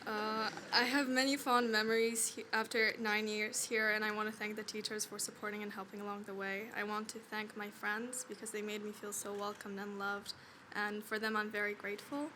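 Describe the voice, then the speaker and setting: A teenage graduate speaks in a flat, even tone, wry yet clearly moved. Loud outdoor noise hisses through the recording around her. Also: mid-range voice, a little fast, few pauses. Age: late teens. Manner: wry, emotional, even-toned. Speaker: graduating student.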